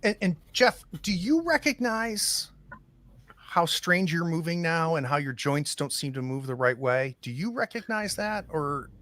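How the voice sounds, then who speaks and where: A man's voice: on the high side, animated, unhurried, a bit bright. A man acting as game master in a tabletop horror game, checking in with each player and describing what they notice. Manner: checks in on players one by one with questions.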